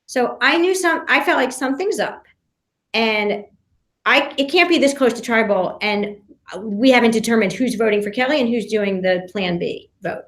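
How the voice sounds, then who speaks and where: A woman guest on a podcast, telling a story in an animated way, with many restarts and acted-out quotes. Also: fairly high pitch, echoey room. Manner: talks fast with many restarts and fillers, acts out quotes. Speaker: podcast guest, reality show contestant.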